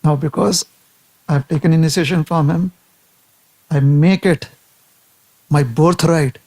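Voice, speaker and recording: Guy giving a devotional talk, high voice with lots of gravel, slow and deliberate, keeps asking isn't it. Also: fairly even intonation, a little mellow, no echo. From India. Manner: deliberate, with rhetorical tag questions. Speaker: devotional speaker.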